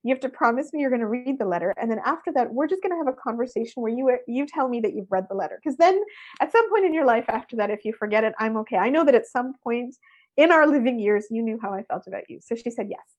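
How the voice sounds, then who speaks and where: A middle-aged woman, a guest in an interview, telling a personal story with lively expression. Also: on the high side, fast, muffled recording. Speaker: interview guest, workshop speaker.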